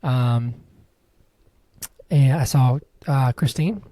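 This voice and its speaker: Joking man with a dark tone. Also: medium pitch, drawn-out words, dry recording. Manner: joking, rambling, wheezy laughs. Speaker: podcast co-host. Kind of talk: casual chat.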